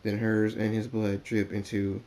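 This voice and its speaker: A man reading a fan story aloud, halting, with frequent stumbles and repeats. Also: lowish voice, completely flat delivery, warm tone. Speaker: story reader.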